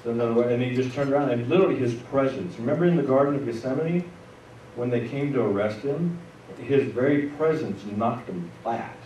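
Male pastor preaching, mellow warm tone, casual asides, roomy church sound w/ a bit of hiss. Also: medium pitch, brisk. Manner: conversational preaching, with asides to the congregation. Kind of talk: sermon. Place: church sanctuary. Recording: echoey room, voice from a distance, faint noise.

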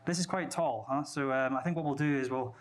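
A young Scottish man leading an aquascaping workshop, explaining each step in a relaxed way while he plants, with lots of fillers and restarts. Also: medium pitch, a little fast. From Scotland. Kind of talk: live hands-on demonstration. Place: indoor workshop venue. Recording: noisy room ambience.

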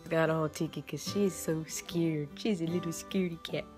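A young woman with a lowish voice chats into a handheld camera for her vlog. She rambles from one thing to the next and swears as freely as she breathes. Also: fairly even intonation, brisk, over loud music. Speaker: vlogger. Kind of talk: casual vlog chat.

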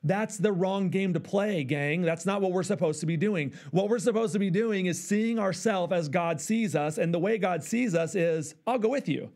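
Pastor guy preaching, kinda high voice, acts out little dialogues. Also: moderate pace, few pauses. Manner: animated, acts out dialogue with God. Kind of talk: sermon.

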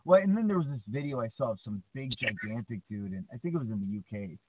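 This male podcast co-host talks fast in a mid-range voice, with background noise audible. He chats casually, tells stories animatedly and keeps tacking on "right?". The recording is dry and tinny, similar to a phone line.

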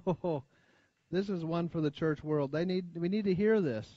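An American man preaching a sermon, talking plainly to his congregation, asking for amens and dropping his voice low and quiet to stress key points. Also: moderate pace, no echo. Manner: conversational preaching, frequent call-and-response asides. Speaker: pastor. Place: church sanctuary. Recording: dull lo-fi church recording.

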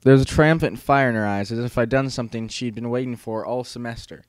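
Male audiobook narrator, mid-pitched, casual and wry, dry close-mic studio read. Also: quick pace, hardly any pauses, no room sound. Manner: casual, wry teenage-boy storytelling. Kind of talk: first-person audiobook narration.

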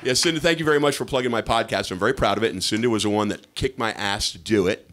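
A man's voice: fast, a little hiss or hum. A middle-aged man performing a chatty stand-up comedy set on a club stage. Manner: lively, chatty, jumps into high-pitched voices for bits.

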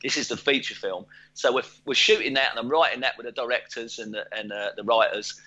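Fifties guy, guest on a podcast, forceful bright voice, jokey storyteller, kinda dull lo-fi sound. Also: mid-range voice, fairly quick. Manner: jokey, laughs often, does voices in anecdotes. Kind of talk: casual storytelling. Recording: dull lo-fi audio.

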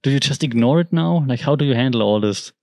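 Man, German first language, podcast host, rambling casual commentary, mid-pitched voice, dry close sound. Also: quick pace, gravelly, darkish tone, dry recording. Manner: rambling, conversational, frequent restarts and "like".

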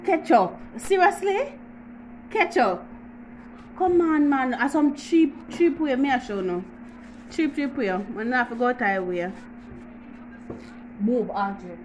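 A woman's voice: a little high, unhurried, long pauses, a little mellow, a little hiss or hum, poor audio. A woman with a Jamaican accent hosting a casual home how-to vlog, chatty and teasing, with frequent laughs. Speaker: YouTuber.

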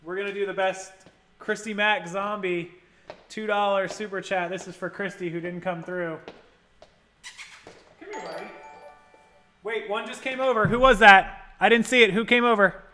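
A man with a high, bright voice hosts a casual livestream. He rambles and thinks aloud while tinkering with settings, and he stops to thank viewers for their donations. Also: steady tone, moderate pace, long pauses, slight background noise. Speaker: livestream host. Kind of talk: casual live-stream chat.

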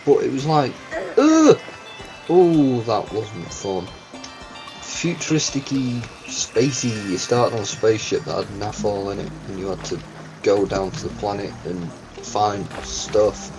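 A man's voice: on the low side, unhurried, poor audio. A man giving let's-play commentary on a game, exclaiming and yelping as things happen. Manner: excitable, yelps and exclaims at game events. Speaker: gaming channel host. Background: game music.

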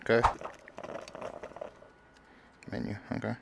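Over background noise, a young male gaming streamer speaks slowly in casual let's-play commentary. He's crude and mumbling, and talks back to the game's characters.

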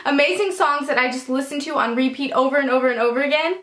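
A young beauty vlogger gushes about her favorite products to the camera in a bubbly, upbeat way. Her voice sits high and she talks fast, in an echoey room with background noise.

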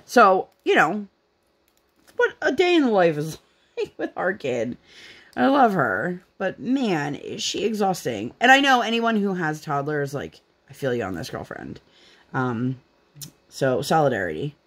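A young woman with a low-pitched voice hosts a craft channel, chatting casually as she works on a project at home and rambling with plenty of fillers.

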